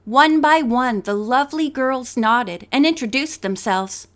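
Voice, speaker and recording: A woman narrating an audiobook with expressive storytelling. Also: sits high, unhurried. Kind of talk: scripted narration.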